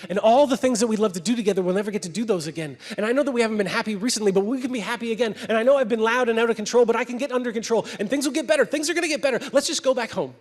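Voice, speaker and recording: A man voicing a clinging little lizard that pleads quickly and desperately, in a sermon retelling. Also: very high voice, pitched above the performer's own voice. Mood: pleading.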